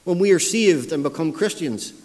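A man's voice: a little high, animated, moderate pace, darkish tone. A man preaching a sermon, emphatic and repeating key phrases for stress, with self-deprecating asides. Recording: long hall reverb.

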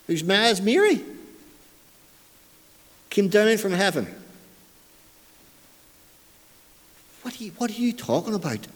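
A preacher putting on the voice of a mocking crowd of townsfolk, scornful and incredulous, the voice jumping high in disbelief. The lines ring out with a long hall echo. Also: male voice, dark tone. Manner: mocking, incredulous, pitch leaping upward.

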